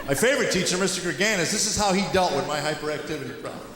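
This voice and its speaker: A middle-aged man from Tennessee doing a stand-up routine, telling family stories in a deadpan way with quick acted-out quotes. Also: a little high, some chatter behind. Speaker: stand-up comedian. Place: comedy stage before a live audience. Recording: echoey hall with audience noise.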